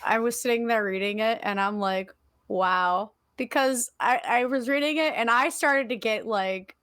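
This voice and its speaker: A woman's voice: a little high, moderate pace, fairly bright tone, clean tone, no room sound. A woman co-hosting a podcast in casual chat, emotional and swearing, with many fillers. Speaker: podcast co-host.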